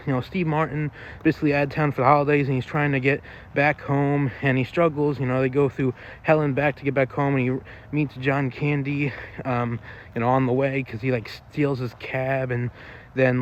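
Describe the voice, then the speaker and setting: A man's voice: medium pitch, lo-fi sound. A man rambling through a casual, off-the-cuff movie review, full of fillers and loose swearing.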